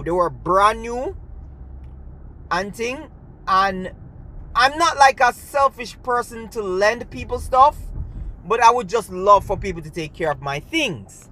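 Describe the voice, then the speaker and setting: A man's voice: high voice, pushed and bright. A man with a Jamaican accent telling a personal story in a chatty way, mixing in patois and often asking "you see me?". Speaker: storyteller, gymnastics coach.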